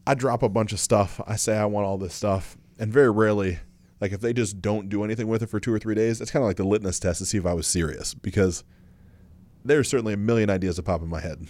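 A man's voice: lowish voice, fairly even intonation, fast, a little mellow, dry recording. A man co-hosting a podcast with his wife, talking bluntly and casually, owning his faults and swearing now and then. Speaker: podcast co-host.

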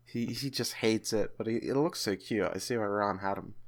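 A man's voice: fairly low pitch, moderate pace. A man hosting a podcast, chatting casually and often restarting his sentences. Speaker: podcast host.

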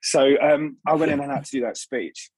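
A man with a slightly husky, breathy voice chats as a podcast guest, spinning long rambling anecdotes about his stage work. He keeps stopping and restarting his sentences. The sound is dry and close, with no room around it. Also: fairly high pitch, fairly even intonation, normal speed, a little mellow, dry recording. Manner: rambling, self-interrupting anecdotes with many restarts. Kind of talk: casual interview storytelling.

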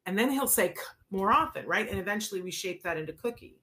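A woman's voice: mid-range voice, expressive, quick pace, pushed and bright, slight background noise. A woman hosting a live stream, answering viewer questions with direct, emphatic coaching and rhetorical questions, sometimes acting out little scenes with a child.

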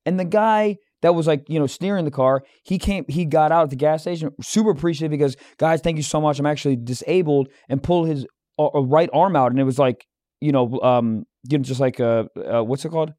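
A man's voice: fairly high pitch, fairly quick, dark tone, dry recording, clean studio sound. A comedian telling casual anecdotes to his friends, rambling with fillers and laughing through the punchlines. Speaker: comedian, podcast co-host. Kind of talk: casual storytelling.

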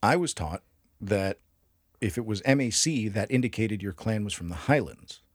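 Co-hosting a laid-back history podcast, this man has a fairly low, expressive voice at a normal speed. He jokes, swears and laughs a lot as he explains things, captured in a dry, studio-quality recording.

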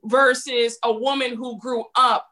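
Woman co-host, high bright tone, hesitant and thoughtful, casual podcast talk. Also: steady tone, a little slow. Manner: hesitant, full of fillers and restarts while building a point. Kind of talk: casual chat about reality TV.

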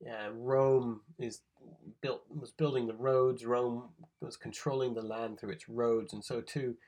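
A man with a husky, slightly breathy voice at an ordinary middle pitch gives an explanatory sermon. He talks things through, often pausing to ask his listeners "right?" and recasting scripture in his own loose words. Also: little pitch movement, a little mellow. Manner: thinks aloud with restarts, paraphrases scripture informally. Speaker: Bible teacher. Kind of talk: expository sermon, conversational.

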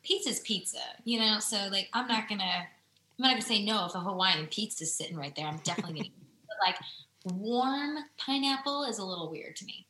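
A woman with a Midwestern American accent chats as a guest, upbeat and quick, sprinkling in "like" and laughter. Her voice is bright and sharp. The sound is roomy with a faint noise underneath. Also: mid-range voice, lively intonation. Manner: upbeat, fast, lots of "like" and laughs. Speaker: guest artist. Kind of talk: casual chat on a live stream.

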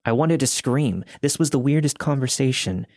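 A man hosting a podcast, narrating a scary true-story submission in a steady, measured way. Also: medium pitch, no room sound, studio quality. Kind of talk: scripted horror story narration.

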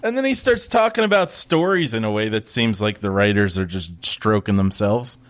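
A man's voice: lowish voice, animated, moderate pace, dry recording. A man in casual chat, sarcastically recapping a TV show and acting out the characters. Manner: sarcastic, acts out characters mid-story.

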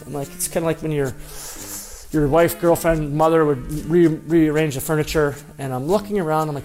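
A former hockey player telling a story about himself in a casual, animated, self-mocking way. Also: male voice, a little high, fairly quick, faint music behind.

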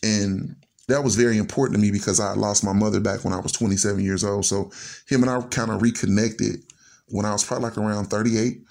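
A man's voice: on the low side, steady tone, fast, gravelly, darkish tone. A middle-aged man from Chicago telling a personal story in an earnest, conversational way, often linking thoughts with "and so". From Chicago, USA. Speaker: storyteller guest.

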